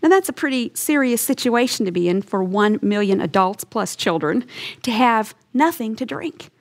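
A woman's voice: a little high, expressive, normal speed. A woman teaching a Bible lesson in an earnest, emphatic storytelling way, acting out short quotes as she goes. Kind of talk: teaching sermon.

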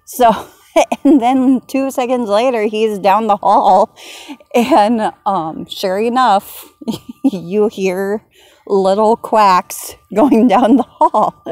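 A woman's voice: mid-range voice, drawn-out words, darkish tone, no room sound. A woman vlogger telling a funny story casually, giggling and laughing often as she goes.

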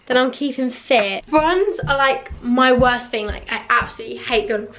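A young woman talks to her camera in a casual, chatty vlog. Her voice sits high, and she complains playfully and keeps things animated. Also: normal speed, a little hiss or hum. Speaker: vlogger. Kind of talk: casual chat.

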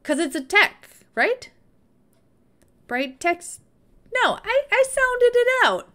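A woman's voice: extremely high pitch, sing-song, measured pace, sharp tone. A woman chatting casually and playfully on a live stream, now and then baby-talking to her dog.

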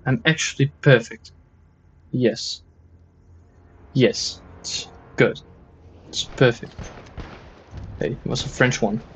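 A mid-range man's voice with a breathy edge and fairly even intonation moves slowly, broken by long pauses. Hosting a let's play of a shooter game, he swears and makes joking, exasperated complaints, switching at times into mock German and Dutch.

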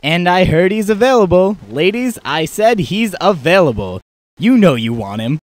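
A man's voice: high-pitched, very animated, moderate pace, no room sound. A teenage boy playing an earnest teen superhero in an amateur comedy sketch. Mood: playful. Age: late teens.

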